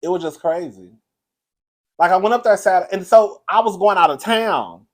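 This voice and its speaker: A man's voice: high voice, normal speed. A man hosting a casual live stream, chatty and campy, laughing often, grieving a loss. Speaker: commentary channel host.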